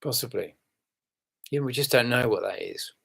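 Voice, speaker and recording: A man hosting a casual live stream, rambling and halting with many fillers, yawning and relaxed after some red wine. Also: medium pitch, creaky.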